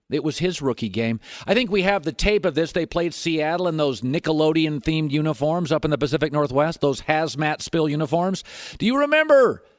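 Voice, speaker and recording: Emphatic sports radio host, dry studio sound. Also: male voice, fairly high pitch, no room sound. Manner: emphatic, argumentative, sarcastic asides. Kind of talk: opinionated sports talk. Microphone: studio microphone.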